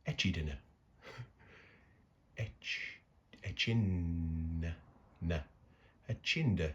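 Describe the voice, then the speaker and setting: A man's voice: low-pitched, extremely slow, pauses often, slightly rough, muffled recording. A man musing aloud in a casual unboxing commentary, chatty and tripping over words. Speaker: coin collecting vlogger.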